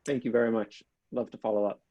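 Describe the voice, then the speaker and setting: A man acting as a judge, putting a deliberate question to a founder. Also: lowish voice, flat delivery, mellow, dull audio.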